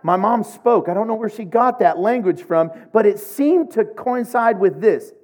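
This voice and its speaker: High-voiced middle-aged preacher. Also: male voice, moderate pace, hardly any pauses, background noise. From Oklahoma, USA. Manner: humorous, animated storytelling with laughs. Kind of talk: sermon.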